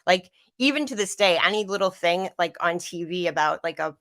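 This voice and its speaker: Low-voiced woman recounting a painful story. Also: animated, a little fast, fairly bright tone, no echo, studio quality. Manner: rambling, repeats herself, voice catching with emotion. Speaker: guest. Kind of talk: emotional personal account on a livestream.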